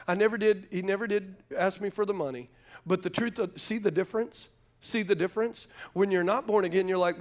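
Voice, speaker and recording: A man's voice: high-pitched, fairly quick. A man preaching a sermon, telling folksy stories and calling out to the congregation. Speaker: pastor.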